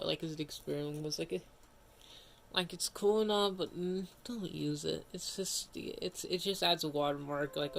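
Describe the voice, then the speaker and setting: A man's voice: fairly high pitch, vocal fry, fairly bright tone. Rambling young-sounding male streamer, casual. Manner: rambling, self-interrupting, casually grumbling. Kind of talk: casual livestream commentary.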